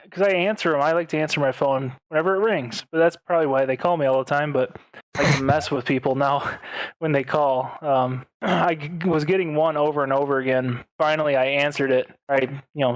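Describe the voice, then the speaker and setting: A man's voice: fairly high pitch, fairly quick, no echo. A man co-hosting a podcast, telling a story in casual chat and laughing as he goes. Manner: animated storyteller, acts out phone voices and laughs through the telling. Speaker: podcast co-host.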